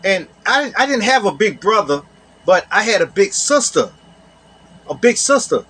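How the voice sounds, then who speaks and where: A man's voice: sits high, sing-song, normal speed, sharp tone, slightly rough. A man casually telling a personal story to camera. He often repeats his phrases and adds "you know.".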